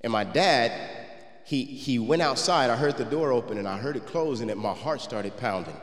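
A man's voice: medium pitch, moderate pace. A man preaching a sermon. He reads old scripture, then tells a personal story that moves him. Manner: gets emotional and quiet while telling the story. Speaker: pastor. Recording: roomy hall with long reverb.

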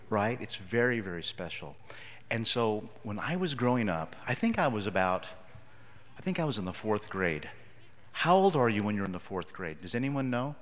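A man's voice: lowish voice, in a large hall. A man giving a children's sermon in a church, telling a story and asking the children questions. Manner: animated, asks the children questions. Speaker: pastor giving a children's message.

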